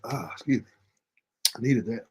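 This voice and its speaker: A man hosting a casual livestream show, reading out viewer comments with a relaxed, chuckling manner. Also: mid-range voice, moderate pace, breathy edge. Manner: laid-back, chuckling often, fillers like um. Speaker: host.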